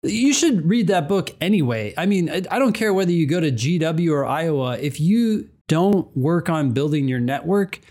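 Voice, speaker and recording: A man's voice: a little high, animated, moderate pace, few pauses, a little mellow. A man co-hosts a casual podcast, reading a listener letter aloud in a laid-back way. Between his own points he chimes in with short, easy agreements. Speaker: podcast co-host.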